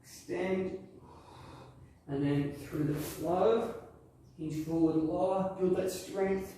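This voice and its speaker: A man's voice: sits high, steady tone, takes it slowly, mellow, a little hiss or hum. Yoga instructor, male, encouraging cues, recorded far from the mic in a very echoey room. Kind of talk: guided workout instruction.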